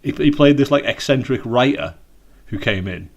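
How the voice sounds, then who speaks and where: A man's voice: medium pitch, animated, moderate pace, muffled recording. A British man co-hosting a casual podcast over a video call, rambling and swearing, with many fillers and restarts. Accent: British English. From United Kingdom. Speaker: podcast co-host. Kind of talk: casual chat.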